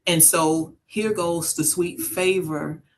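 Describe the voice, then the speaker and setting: A woman's voice: lowish voice, fairly even intonation, takes it slowly, a little hiss or hum. A middle-aged mother telling a personal story in a casual conversation, earnest and reflective. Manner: earnest, reflective, acts out quoted voices. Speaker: mother sharing her story.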